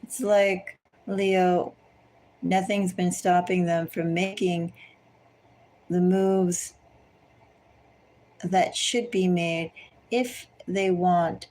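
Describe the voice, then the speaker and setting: A woman giving a collective tarot reading, speaking slowly and deliberately and repeatedly addressing the listener by star sign. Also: fairly low pitch, steady tone, darkish tone, low-quality recording. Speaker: tarot reader.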